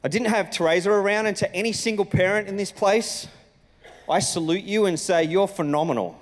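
A man, a senior pastor telling a personal story in a sermon with lively, animated delivery. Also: sits high, brisk. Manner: animated storytelling, acting out his own lines. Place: church auditorium. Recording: reverberant church hall.

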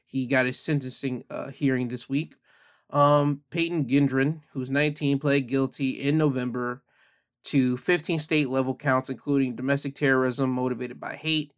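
A man's voice: mid-range voice, fairly even intonation, moderate pace. Casual male news commentator. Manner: conversational, frequent fillers.

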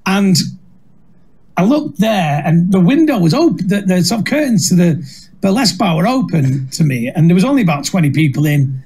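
A middle-aged man with a Northern English accent, a comedian telling stories in a lively, self-mocking way and laughing through them. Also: high-pitched, moderate pace, husky. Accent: Northern English, Manchester. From England. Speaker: comedian guest. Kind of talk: anecdotal storytelling.

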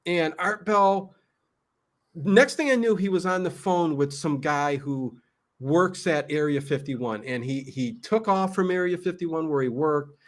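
A man's voice: fairly high pitch, measured pace. A man hosting a casual talk show, telling a story animatedly with many fillers. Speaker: podcast host. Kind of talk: casual chat.

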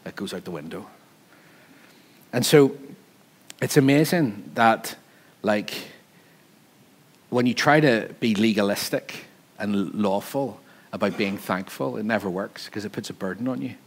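A man with a Northern Irish accent, preaching a sermon in an animated, joking, conversational way, laughing often as he tells a story. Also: on the low side, measured pace, husky. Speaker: pastor.

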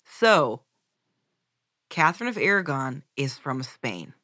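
Woman co-host, casual and profane, bright tone with lively pitch. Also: slow, no room sound, clean studio sound. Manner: animated, profane storytelling with acted-out quotes. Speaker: podcast co-host. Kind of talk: casual chat.

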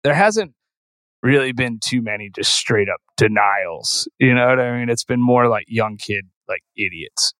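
A man's voice: medium pitch, animated, a little slow, fairly bright tone, no room sound, poor audio. A man guest on a podcast, telling tour stories in a rambling, profane way and saying "like" constantly. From Philadelphia. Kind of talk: casual storytelling.

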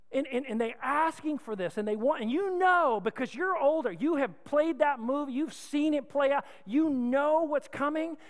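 A male pastor preaching a sermon, calling on the crowd to repeat lines back, swinging between loud and hushed. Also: extremely high pitch. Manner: call-and-response preaching, asks crowd to repeat. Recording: long hall reverb.

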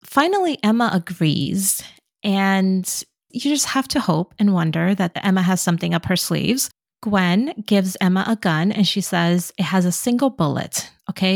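A woman co-hosting a podcast, talking quickly and casually as she recaps a movie. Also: mid-range voice, lively intonation, gravelly, darkish tone, dry recording, clean studio sound. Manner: quick, chatty, laughs often. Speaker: podcast co-host.

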